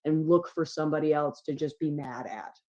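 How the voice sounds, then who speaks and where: A woman with a low, deep voice talks in a loose, unscripted chat and tells a personal story with plenty of swearing. She gets animated at times. The sound is dull and lo-fi, like call audio. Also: brisk. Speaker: podcast guest.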